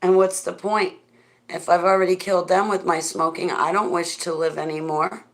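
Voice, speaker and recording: A woman's voice: on the low side, level tone, normal speed. A woman livestreaming in casual chat, answering viewers by name, rambling and laughing often.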